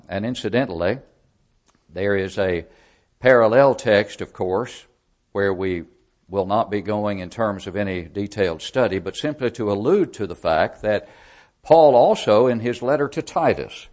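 A man preaching an expository Bible sermon, speaking in a measured, deliberate way with frequent asides and repeated phrases. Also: lowish voice.

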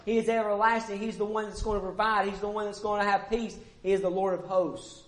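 A man preaching a sermon, emphatic and repetitive, with pauses and self-corrections. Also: sits high, flat delivery.

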